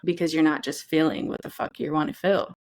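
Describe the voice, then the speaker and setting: Frank, swearing woman podcaster, low voice. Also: steady tone, a little fast, a little mellow, no room sound. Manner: candid, profane, acts out feelings in quoted voices. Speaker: podcast co-host. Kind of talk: casual chat.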